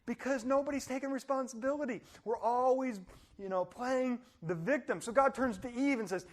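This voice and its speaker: Brief: high-pitched male motivational speaker, lively, laughs through his points. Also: normal speed. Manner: animated, laughs often, acts out voices. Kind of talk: motivational talk.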